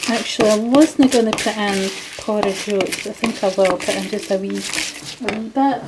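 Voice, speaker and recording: A Scottish woman gives a casual, homely walkthrough while she works in her kitchen. Her voice sits at an ordinary middle pitch. Pots and dishes clatter loudly around her. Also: steady tone, normal speed, heavy background noise. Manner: chatty, homely, talks while working. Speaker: home vlogger. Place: home kitchen.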